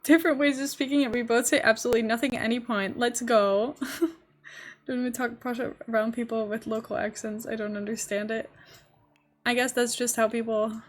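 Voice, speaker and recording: A woman's voice: on the high side, level tone, normal speed. A young woman with a posh English accent, chatting casually and giggling as she streams a game. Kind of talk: casual live-stream chat while gaming.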